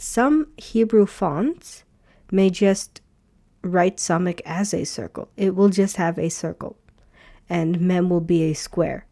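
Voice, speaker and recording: A woman teaching a beginner language lesson, speaking patiently and repeating each sound slowly. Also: fairly low pitch, warm tone. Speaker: Hebrew teacher.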